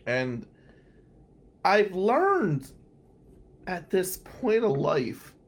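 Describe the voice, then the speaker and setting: Husky jersey guy hosting a radio show, telling a story with big swings in his voice, laughs as he goes. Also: fairly high pitch.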